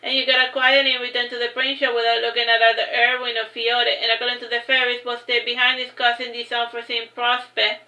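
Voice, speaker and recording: A woman reading a fantasy novel aloud in a steady, plain way, with small slips now and then. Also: on the high side, quick pace, few pauses. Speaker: narrator. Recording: roomy echo.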